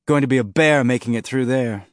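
A man voicing a calm, professional male soldier who talks in laconic, understated remarks. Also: medium pitch, brisk, dry recording, studio quality, close to an everyday voice.

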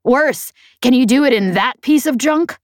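A woman voicing a loud, blustery older woman who captains a band of raiders, shouting high over the comm. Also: animated, moderate pace, dry recording, clean studio sound. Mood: warning.

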